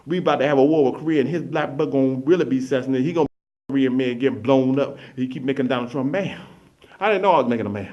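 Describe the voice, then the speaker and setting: A man's voice: mid-range voice, rapid-fire. A man telling a rambling, repetitive comic story to an audience. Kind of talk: comedic story monologue. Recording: dull lo-fi recording.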